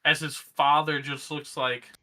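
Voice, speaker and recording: A man's voice: on the high side, little pitch movement, measured pace, bright, forceful tone. A man co-hosting a podcast, chatting casually with sarcastic joking asides. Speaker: podcast co-host. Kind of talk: casual recap chat.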